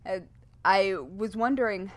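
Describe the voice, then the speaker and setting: A woman's voice: mid-range voice, measured pace, noisy background. A woman co-hosting a podcast, chatting casually and playfully. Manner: playful, rhyming intro read in a hushed spooky tone. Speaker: podcast co-host. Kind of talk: casual chat.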